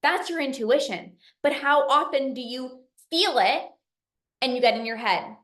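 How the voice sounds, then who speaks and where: A woman's voice: high-pitched, normal speed, a bit bright, echoey room. A young adult woman coaching in a masterclass, telling a story emphatically and acting out her own inner voice. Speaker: binge eating coach.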